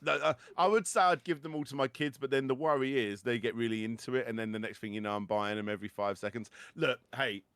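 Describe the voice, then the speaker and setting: A man's voice: mid-range voice, quick pace, few pauses, fairly bright tone, clean tone, no room sound. A middle-aged man hosting a podcast in casual chat, stammering into restarts and joking dryly. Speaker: podcast host.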